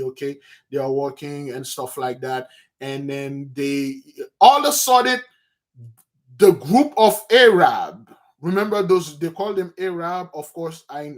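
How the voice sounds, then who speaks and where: A man leading an informal book study, telling the story with many restarts and asides. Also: a little high. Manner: lively storytelling, acting out scenes. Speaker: study group teacher.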